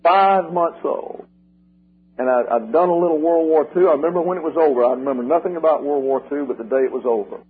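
An older man preaching a sermon, working through numbered points and repeating key slogans slowly and with emphasis, with a husky voice. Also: a little high. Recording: tinny lo-fi radio broadcast.

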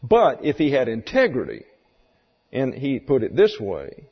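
A man gives a sermon lecture in a folksy, explanatory way and keeps asking his listeners rhetorical questions. His voice is husky and sits at a middle pitch. It was recorded with a dull, muffled sound that carries a long hall echo. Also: huge pitch swings, measured pace. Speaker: Bible teacher.

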